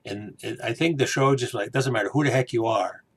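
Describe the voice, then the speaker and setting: A man's voice: mid-range voice, brisk, breathy edge. A man giving a casual spoken review and recap of a TV episode, chatty, full of fillers, briefly acting out quoted lines. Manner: chatty, acts out quoted lines in little voices; many fillers like "you know" and "uh".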